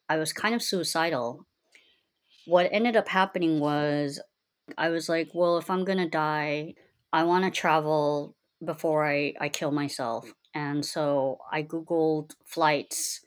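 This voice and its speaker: A young adult woman candidly telling her life story in a casual, rambling way, with many fillers and quotes of her own past words. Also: low voice.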